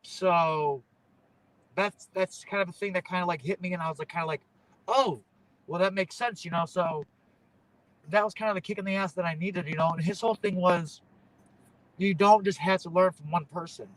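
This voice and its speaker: A man's voice: sits high, steady tone, moderate pace, fairly bright tone, rough recording. A young man, a pro wrestler, chatting in an interview, rambling and tagging "you know what I'm saying" onto his thoughts. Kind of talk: casual interview chat.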